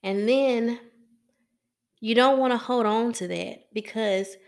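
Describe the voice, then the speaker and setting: A woman's voice: fairly high pitch, slow. A woman hosting a casual livestream Bible devotional, chatty and slangy, laughing often as she reads and comments. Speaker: livestream host reading scripture.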